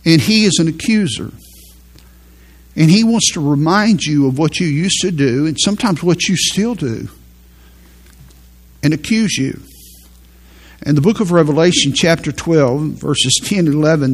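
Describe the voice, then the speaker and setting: A man preaching a sermon in an earnest way, slowing down to stress each verse of scripture. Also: on the high side, fairly bright tone, breathy edge. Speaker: pastor.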